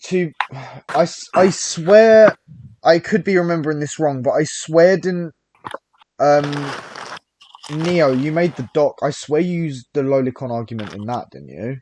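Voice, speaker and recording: A man's voice: a little high, expressive, unhurried, a little mellow, dry recording. A man in a casual voice chat, hesitant and unsure, backtracking as he speaks.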